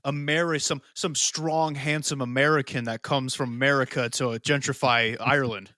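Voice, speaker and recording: A man's voice: medium pitch, little pitch movement, moderate pace, pushed and bright, no room sound, studio quality. A man co-hosting a podcast in casual chat, brash and full of crude jokes. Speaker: podcast co-host.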